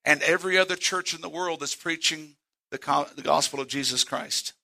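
A male pastor, preaching a sermon in church and quoting scripture with slow, emphatic stresses. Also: fairly high pitch, vocal fry, pushed and bright.

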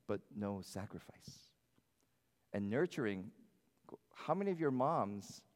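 A man preaching a sermon as pastor, animated and shifting his loudness, often acting out the voices of others. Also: on the low side, big-room sound. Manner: animated, varies loudness, acts out quoted voices. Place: church sanctuary.

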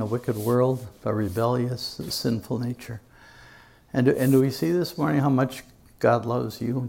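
Gravelly earnest male preacher. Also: mid-range voice, darkish tone. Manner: earnest, emphatic, with dramatic pauses. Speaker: pastor. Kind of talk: sermon. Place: church before a congregation.

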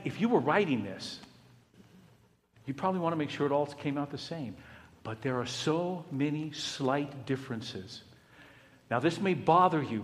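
Man preaching in a reverberant hall. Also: a little high. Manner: dramatic swings from loud exclamations to hushed near-whispers; storytelling with repeated lists and rhetorical questions. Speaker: pastor. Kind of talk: sermon.

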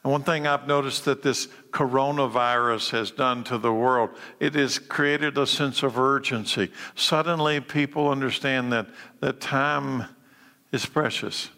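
A man preaching a sermon as pastor, swinging between urgent emphatic calls and low, quiet lines. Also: fairly even intonation, measured pace. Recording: long reverb of a large hall.

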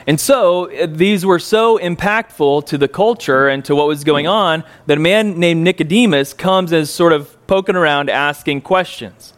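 Brief: male pastor, slightly high voice, relaxed folksy sermon delivery with joking asides. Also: moderate pace, few pauses. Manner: folksy, joking asides, frequent ums and uhs. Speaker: preacher. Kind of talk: conversational sermon.

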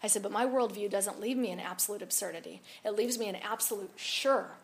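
A woman's voice: mid-range voice, fairly quick. A woman speaking at a women's event, telling a story in a sermon, acting out both sides of a conversation and laughing often. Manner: animated, acts out dialogue, laughs often.

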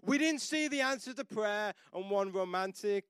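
A male pastor with a notably high voice delivers a sermon that moves from personal storytelling to emphatic declarations. The sound is close and dry, with no room around it. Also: expressive, moderate pace, a bit bright, clean tone, no room sound.

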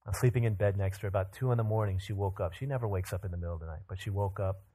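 A man in his thirties preaching a sermon, telling Bible stories with lively acted-out quotes. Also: low-pitched, rapid-fire, slightly rough. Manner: animated storytelling, acts out quotes in bursts. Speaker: pastor.

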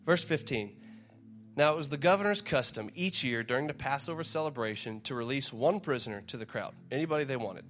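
A man with an expressive mid-range voice preaches briskly and conversationally over soft background music. He reads scripture aloud, repeats his words often, and acts out the shouts of a crowd.

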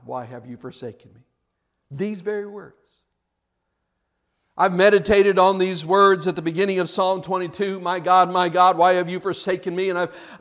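A man preaching a sermon, dramatic, swinging between loud cries and hushed tones, often repeating words. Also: high voice.

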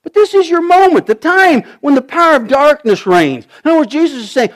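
Animated high-voiced male preacher. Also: normal speed. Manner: animated preaching, rising to shouts, dropping to near whispers. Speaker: pastor. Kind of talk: sermon.

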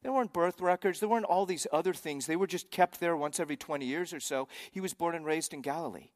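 A man preaching a sermon, animated and acting out the voices of arguing crowds. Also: on the high side, fast. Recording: long hall reverb.

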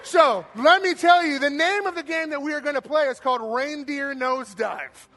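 A man hosting a game on stage for a church audience, then speaking to them. He is energetic and playful, shouting cheers and countdowns and tossing in jokes. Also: very high-pitched, normal speed, noisy background. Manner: playful, joking asides. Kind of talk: live stage talk to an audience.

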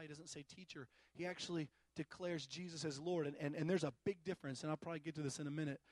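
A man preaching a sermon as pastor, animated and emphatic, swinging from loud bursts to quieter explanation and often repeating words as he gathers his thoughts. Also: sits high, no room sound.

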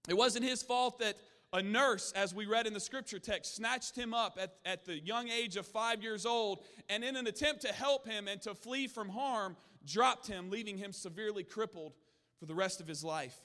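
A man's voice: sits high, moderate pace, bright, forceful tone, big-room sound. A man preaching a sermon in a church, telling stories earnestly with frequent restarts. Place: church sanctuary.

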